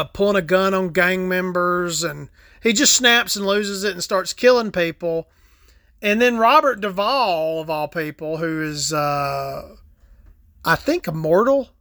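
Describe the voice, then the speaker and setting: A woman's voice: on the low side, a bit bright, no echo, clean studio sound. A woman hosting a casual, rambling monologue, talking loosely and swearing freely as she stops to smoke and sip a drink. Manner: rambling, profane, laid-back storytelling; smoking and sipping between topics.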